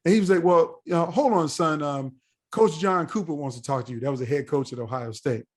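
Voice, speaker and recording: Man, forties, interview guest, casual storytelling, acts out dialogue, a bit higher-pitched. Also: brisk. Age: 40s. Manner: animated, acts out quoted dialogue. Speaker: podcast guest.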